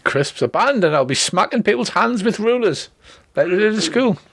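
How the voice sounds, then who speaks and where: A man's voice: sits high, moderate pace, dry recording. Dry-sounding man running a tabletop game. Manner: relaxed, joking, many ums and restarts. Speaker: game master.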